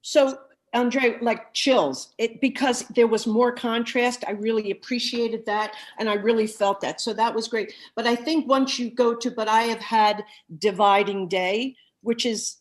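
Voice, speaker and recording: Woman vocal coach, bright higher voice, effusive, breaks into sung snippets mid-feedback. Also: steady tone, unhurried. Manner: effusive, sings snippets of the lyrics while explaining. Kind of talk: masterclass feedback.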